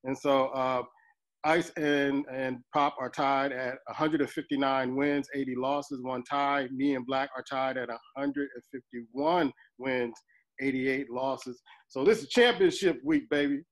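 A man's voice: mid-range voice, unhurried, rough recording. Laid-back guy hosting sports picks, medium voice, lots of uhs. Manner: relaxed, filler-heavy, laughs often. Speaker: sports talk show host. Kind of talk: casual sports radio chat.

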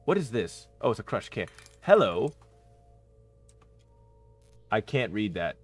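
A man giving playthrough commentary on a horror game, reacting with excited yelps and shouts. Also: lowish voice, takes it slowly, dry recording, soft background music. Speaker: gaming YouTuber.

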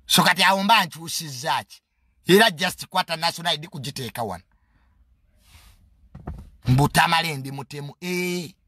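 Ugandan guy doing a cocky joking rant, mixes in english, kinda high voice, bouncy pitch. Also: a bit bright. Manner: mocking, boastful, mixes English into his speech. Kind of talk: casual comedic monologue.

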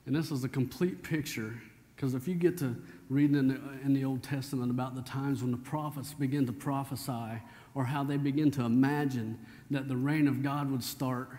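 A man's voice: medium pitch, fairly even intonation, fairly quick, warm tone. A man, preaching a sermon as pastor in a folksy, conversational storytelling way. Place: church sanctuary. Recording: church hall reverb.

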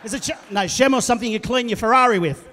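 Loud animated high-voiced male comedian. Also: rapid-fire. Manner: loud, animated, shouting punchlines and playing quoted voices. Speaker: stand-up comedian. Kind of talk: stand-up comedy routine. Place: large theatre stage. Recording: live theatre with long reverb.

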